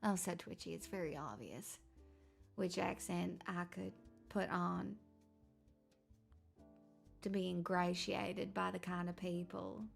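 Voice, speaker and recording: A woman's voice: on the low side, slow pace, creaky, long pauses, soft background music. A woman livestreamer in casual chat, reading viewers' comments aloud and answering them in a playful, teasing way.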